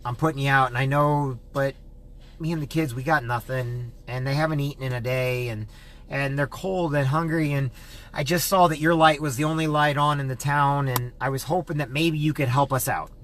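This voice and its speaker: A man voicing a poor young mother, pleading in a hesitant, halting way. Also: mid-range voice, fairly even intonation, a bit bright, lightly acted.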